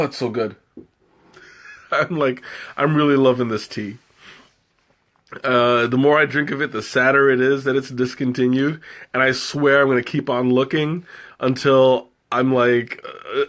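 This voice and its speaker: A man's voice: medium pitch, a bit bright. A man hosting a live tea tasting, chatting casually and rambling with many fillers and restarts. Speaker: livestream host tasting tea.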